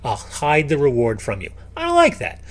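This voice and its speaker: A man talking as a guest on a casual podcast, animated and emphatic, often restarting his sentences. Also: medium pitch, normal speed.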